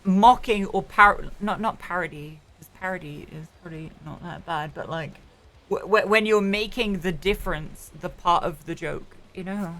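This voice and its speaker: A woman's voice: lowish voice, normal speed, fairly bright tone. A woman streamer chatting casually while roleplaying, rambling with many restarts and the odd swear. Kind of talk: casual chat.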